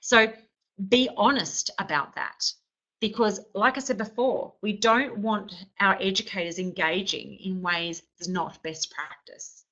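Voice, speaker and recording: Bright-voiced woman trainer, lo-fi. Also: mid-range voice, steady tone, measured pace. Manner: explanatory, often checks in with "okay". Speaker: early childhood trainer. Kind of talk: instructional lecture.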